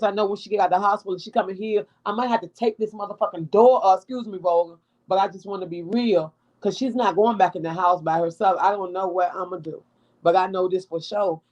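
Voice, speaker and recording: A woman's voice: lowish voice, a little mellow. A middle-aged woman speaks from the heart, raw, blunt and sometimes profane. She sounds emotional and close to tears. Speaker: mother of a hospitalized daughter, guest. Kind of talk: emotional personal testimony.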